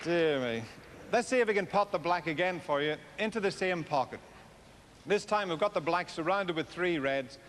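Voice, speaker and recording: A man's voice: sits high, animated, moderate pace, fairly bright tone. A man with an Irish accent doing live stand-up between snooker trick shots, chatty and self-mocking with the crowd. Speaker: comedian and snooker trick-shot entertainer. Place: live stage show before an audience. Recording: noisy live 1990s video recording.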